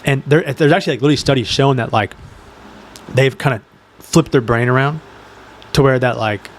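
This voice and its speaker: A man's voice: medium pitch, a little fast. Rambling young man chatting on a podcast. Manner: rambling, filler-heavy, animated storytelling with acted-out quotes. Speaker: podcast co-host. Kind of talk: casual chat. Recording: faint background noise.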